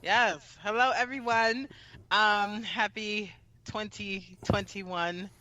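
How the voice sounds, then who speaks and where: A woman's voice: mid-range voice, steady tone, slow pace, sharp tone. A woman co-hosting a podcast, chatting in an upbeat, easy way and laughing often. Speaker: podcast co-host. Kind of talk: casual podcast chat.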